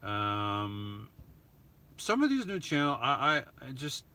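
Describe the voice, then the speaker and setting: A man answering viewers' questions in a casual live stream, talking haltingly with restarts and soft chuckles. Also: medium pitch, very animated.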